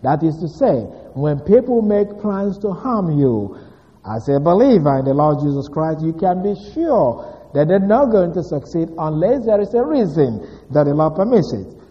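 A male preacher reviewing last week's lesson, pausing on fillers and then pressing hard on single words. His voice carries a long hall reverb, and the recording sounds dull and muffled. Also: fairly high pitch, big pitch swings. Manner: deliberate, many "uh" fillers, rises to stress key words. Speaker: pastor. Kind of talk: sermon recap.

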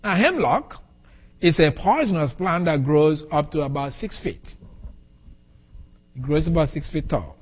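A man giving an expository Bible lesson as a preacher, slow and deliberate, repeating key phrases for emphasis. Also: a little high, animated, breathy edge. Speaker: preacher teaching scripture.

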